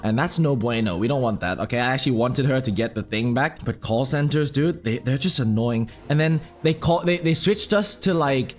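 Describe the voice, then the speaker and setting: A young man commenting on his own gameplay while telling a rambling story. He is excitable, swears freely, talks in slang and mutters about his moves as he plays. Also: medium pitch, a little fast, few pauses, faint music behind. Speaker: gaming commentator. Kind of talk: casual storytelling over live gameplay.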